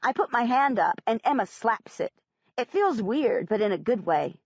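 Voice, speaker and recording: A woman narrating a first-person audiobook in an expressive, plain-spoken way. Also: fairly high pitch, moderate pace, breathy edge, dry recording. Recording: dry, slightly muffled audiobook recording.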